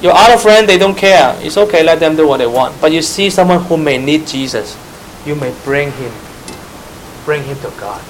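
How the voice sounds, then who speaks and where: A man with a Chinese accent, Mandarin his first tongue, preaches a Bible study sermon in emphatic, earnest English. His voice sits a little high for a man, and he speaks directly to his listeners. A faint hiss runs under the recording. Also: lively intonation, moderate pace, low-quality recording.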